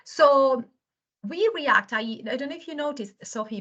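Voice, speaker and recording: A woman's voice: a little high, measured pace, a bit bright, lo-fi sound. A woman who is not a native English speaker, a guest on a webinar, explaining earnestly from home and searching for words now and then. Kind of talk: explanatory talk. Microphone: video call.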